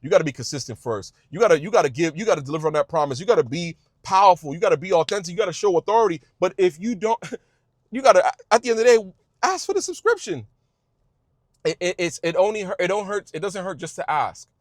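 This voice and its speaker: Male creator, passionate advice-giver; lively swooping pitch, stumbles and restarts, folksy. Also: fast talker, no echo, clean studio sound. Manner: emphatic, repetitive, stumbling restarts; informal speech, says y'all. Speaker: YouTube creator giving advice. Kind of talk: passionate direct-to-camera advice.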